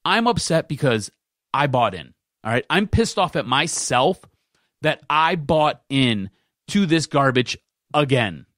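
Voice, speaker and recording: A man's voice: medium pitch, big pitch swings, unhurried, fairly bright tone, no room sound, studio quality. A man hosting a sports podcast, ranting in casual talk and repeating himself for emphasis.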